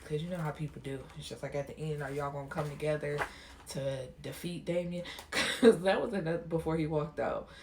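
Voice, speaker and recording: A woman's voice: low voice, fairly quick, a little mellow, a little hiss or hum. A young woman casually recapping and reviewing a TV episode in a slangy, chatty way, acting out the characters' lines as she goes.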